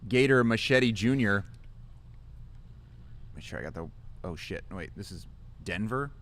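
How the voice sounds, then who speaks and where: A man's voice: on the low side, lively intonation, a little slow, a bit bright, a little hiss or hum. A man co-hosting a casual show, joking and reading out viewer messages. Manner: joking, teasing. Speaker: podcast co-host.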